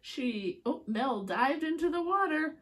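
A woman reading picture books aloud to young children, expressive, with gasps and drawn-out words. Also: high-pitched. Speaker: storytime reader.

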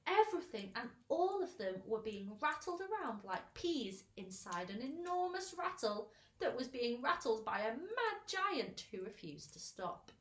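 A woman teacher reading a children's storybook aloud, expressive and pausing to show the pictures. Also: fairly high pitch, echoey room. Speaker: infant school teacher.

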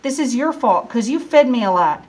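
A greedy male goldfish from a children's storybook, scolding and demanding, voiced by a woman reading aloud. The voice sits a little high and stays close to the reader's own. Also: expressive, moderate pace. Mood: angry.

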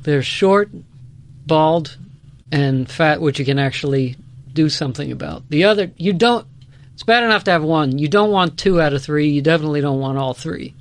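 A man's voice: a little high, normal speed. A man on a comedy podcast, joking wryly and self-deprecatingly in casual chat.

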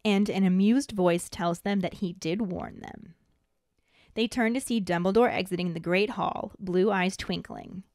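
A woman podcast host narrating a scripted chapter recap in a steady, even storytelling manner. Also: mid-range voice, no room sound, studio quality.

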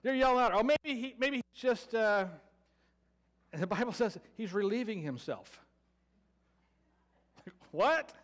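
A man's voice: high-pitched, lively intonation, a little slow, long pauses. A man with a Southern American accent preaching a sermon, telling a story with playful sarcasm and acting out the people in it. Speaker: pastor.

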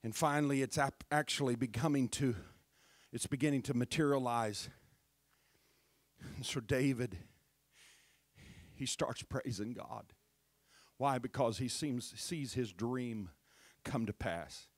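Slow, dry-voiced man preaching. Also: mid-range voice, no echo. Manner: conversational preaching with rising shouted climax. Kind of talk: sermon. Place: church.

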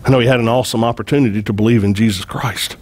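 A man preaching a sermon, retelling a story with lively acted-out quotes and frequent repeated words. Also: mid-range voice, rapid-fire. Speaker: pastor.

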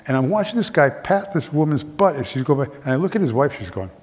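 A man's voice: on the high side, fast talker. Man telling a funny story on stage. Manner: animated, acts out other people's voices. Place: theater stage. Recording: long theater reverb.

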